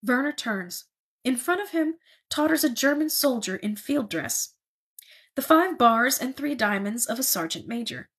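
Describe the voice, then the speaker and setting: Woman reading a novel, breathy. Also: fairly high pitch, sing-song, a little slow, a bit bright. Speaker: reader.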